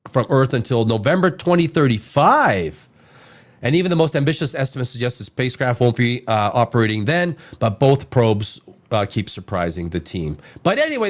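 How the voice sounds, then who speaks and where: A man hosting a casual podcast who has a cold, rambling in an animated way, swearing casually and reading news items aloud. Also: medium pitch. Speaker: podcast host.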